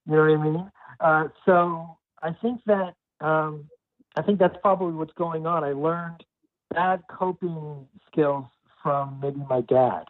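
A man with a somewhat high voice who talks haltingly, stopping and restarting as he reflects on his feelings. He comes through a dry, tinny phone line. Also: steady tone, dry recording. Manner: hesitant, halting, self-reflective. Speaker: client. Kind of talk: counseling conversation.

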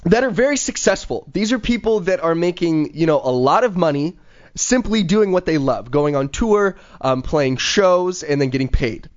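A man with a somewhat high voice hosts a casual podcast and talks eagerly about following your excitement. He drifts through ums and you-knows as he pushes his message. The recording sounds dull and lo-fi. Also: normal speed. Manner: eager, motivational, many fillers. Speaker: podcast host.

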